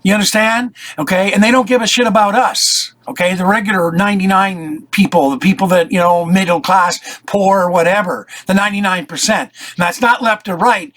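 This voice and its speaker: A middle-aged man giving a blunt, unscripted political rant, swearing often and filling pauses with "uh" and "you know". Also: high-pitched, fairly bright tone. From Canada or the US. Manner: blunt, swearing, many fillers. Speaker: political commentary vlogger.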